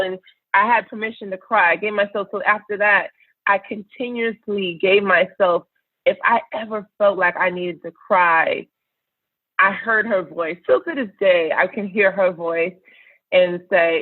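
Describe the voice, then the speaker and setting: A woman's voice: medium pitch, steady tone, unhurried, no room sound. Woman guest on a tinny line. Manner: earnest and reflective. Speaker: podcast guest. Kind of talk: casual interview talk.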